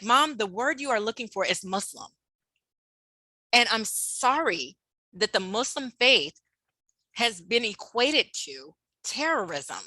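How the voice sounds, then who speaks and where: A woman's voice: medium pitch, bright, forceful tone, no room sound, poor audio. A woman presenting a webinar workshop, talking expressively, acting out quoted voices and laughing often over a video call. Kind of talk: animated webinar talk.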